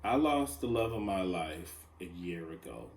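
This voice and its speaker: A man's voice: deep voice, lively intonation, unhurried. A man talks through a solo podcast in a loose, rambling, confessional way, leaning on fillers. He sounds like he is in an echoey room. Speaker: podcast host. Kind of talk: casual solo podcast monologue.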